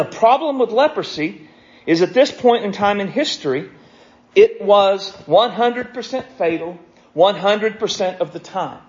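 A man's voice: high voice, a little mellow. Man preaching over dull lo-fi audio. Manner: retells stories casually, reads scripture aloud quickly. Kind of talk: sermon on a scripture passage.

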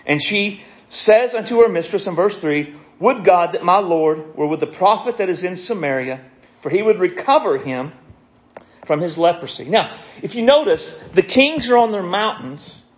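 A man preaching a sermon, retelling scripture stories in a casual way and reading verses aloud quickly. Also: high voice, expressive, muffled recording.

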